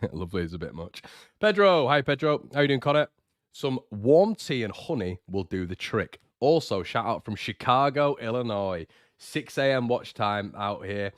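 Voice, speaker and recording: Deep-voiced chatty man host. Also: expressive, moderate pace, no echo, studio quality. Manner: chatty and teasing, with frequent fillers and restarts. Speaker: host of a fan channel livestream. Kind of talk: casual live-stream chat, reading viewer comments.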